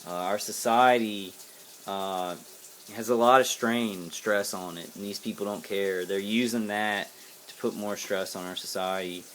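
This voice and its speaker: American male vlogger, low-pitched, angry and profane, rambling delivery full of fillers, faint background noise. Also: steady tone, measured pace, a bit bright. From United States. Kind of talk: casual to-camera monologue.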